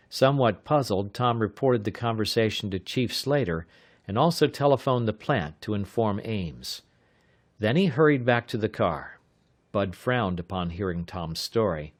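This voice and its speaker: A man narrating an adventure audiobook in a measured, steady reading. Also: lowish voice, no echo, clean studio sound. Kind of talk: scripted narration.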